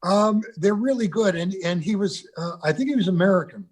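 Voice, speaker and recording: A man's voice: high-pitched, animated, fairly quick. An older man, a guest on a video call interview, reminiscing about recording sessions with loose restarts. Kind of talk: conversational interview.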